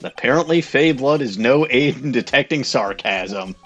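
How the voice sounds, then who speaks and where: A man's voice: mid-range voice, moderate pace, highs cut off, soft background music. Sarcastic man voicing a game playthrough. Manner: sarcastic, deadpan. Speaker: host. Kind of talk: comedic game playthrough voice-over.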